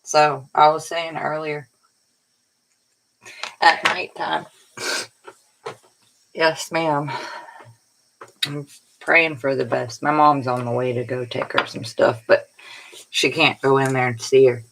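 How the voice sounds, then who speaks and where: A woman's voice: low-pitched, flat delivery, slow pace, creaky, long pauses, fairly bright tone, a little hiss or hum, poor audio. A woman tarot reader giving a casual, rambling spiritual pep talk in a colloquial way, sounding tired. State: tired, yawning.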